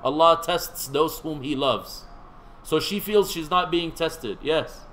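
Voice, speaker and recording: A seminary teacher with a somewhat high voice gives a slow, relaxed classroom lecture, chatting conversationally, quizzing the students present, and slipping in light jokes. The audio is poor, with a faint hiss beneath his voice.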